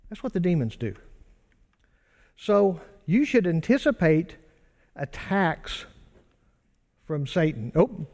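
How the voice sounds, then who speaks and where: A man's voice: fairly high pitch, darkish tone. Conversational male pastor, reverberant hall. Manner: conversational, asks rhetorical questions and answers them. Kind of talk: sermon.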